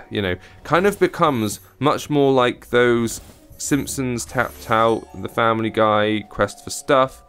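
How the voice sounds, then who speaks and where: A man's voice: medium pitch, slow pace, fairly bright tone, smooth, soft background music. A man reviewing a mobile game, giving casual commentary with chatty, wry asides while he plays. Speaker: games reviewer.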